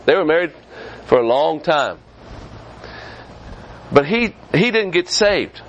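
A man preaching a sermon as pastor of a church, swinging from quick high rises down to low, slow stretches. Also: sing-song, muffled recording, slight background noise. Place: church sanctuary.

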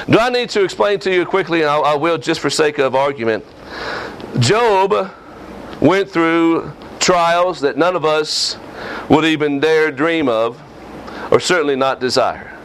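High-voiced preaching man. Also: a bit bright, a little hiss or hum. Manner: preaching with a rising, emphatic cadence and repeated phrases. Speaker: pastor. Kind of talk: sermon.

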